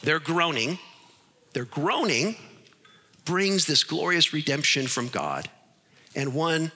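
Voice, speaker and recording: A man preaching a sermon, animated and acting out the voices in his stories. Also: mid-range voice, breathy edge, long reverb tail. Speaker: pastor.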